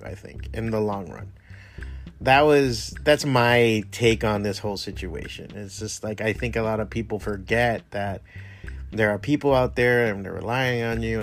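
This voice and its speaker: A man with Cuban family roots giving a blunt, rambling pep talk full of swearing. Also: lowish voice. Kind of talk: casual motivational monologue.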